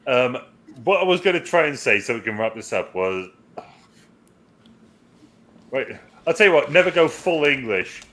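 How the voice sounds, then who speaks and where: A man's voice: mid-range voice, very animated, normal speed, long pauses, a bit bright. A man co-hosting a casual movie review chat, rambling and joking, swearing freely. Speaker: podcast co-host, movie reviewer.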